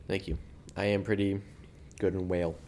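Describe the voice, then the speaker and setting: A man co-hosting a casual podcast chat, goofing around with deadpan trolling jokes. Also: low voice, normal speed, a little hiss or hum. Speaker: podcast co-host.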